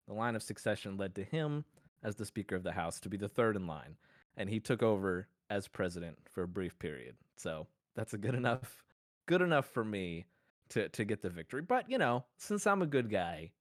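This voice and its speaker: Man, low voice, playful, rambling, mock-formal, podcast co-host, dry close sound. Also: no room sound. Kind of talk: casual mock-courtroom argument.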